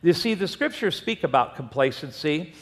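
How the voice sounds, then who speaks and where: A man's voice: a little high, normal speed. A middle-aged man preaching a sermon, telling stories and acting out the voices in them. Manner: animated storytelling, acting out voices. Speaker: pastor. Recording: long hall reverb.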